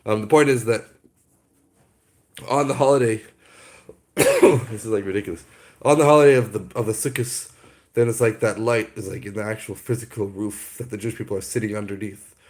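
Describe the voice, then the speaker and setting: A man's voice: on the low side, steady tone, brisk, a little mellow. Breathless man coughing through a casual talk. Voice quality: throat sounds clogged. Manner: rambling, self-correcting, uses "like" often. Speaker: speaker explaining holiday teachings. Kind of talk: casual spoken teaching monologue.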